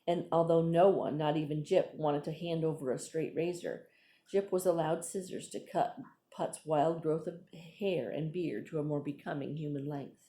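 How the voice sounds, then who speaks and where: A woman reading a novel aloud in an unhurried way, stopping now and then for asides to her listeners. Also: low voice, fairly even intonation, warm tone, roomy sound. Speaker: reader.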